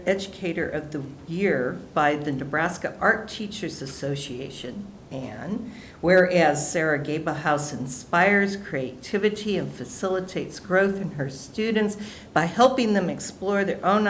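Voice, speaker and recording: A school board member reading a formal resolution aloud at a board meeting in a measured, formal way. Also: female voice, on the low side, a little hiss or hum.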